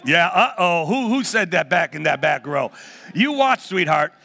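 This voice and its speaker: A man's voice: sits high, expressive, normal speed, creaky, bright, forceful tone. A man in his sixties, a guest preacher leading a playful children's talk in a church, teasing the audience like a game-show host. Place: church hall.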